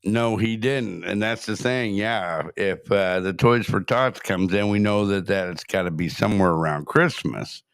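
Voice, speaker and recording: A man's voice: on the low side, normal speed, gravelly, hardly any pauses, smooth, dry recording, clean studio sound. A man hosting a show, chatting casually and explaining a played story, with some swearing. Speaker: host reacting to a clip. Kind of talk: casual commentary.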